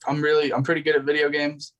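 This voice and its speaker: A man's voice: fairly high pitch, monotone, fast, a bit bright, dull audio. Giggly young-sounding male guest. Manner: giggly, loose, swears a lot. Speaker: interview guest, rapper. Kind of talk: casual interview chat.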